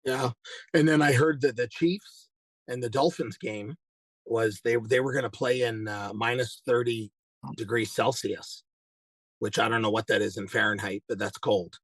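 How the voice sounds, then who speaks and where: A man's voice: medium pitch, fairly even intonation, moderate pace, husky, no room sound. A man chatting casually on a live show in an easygoing way, often hesitating and repeating himself. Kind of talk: casual chat.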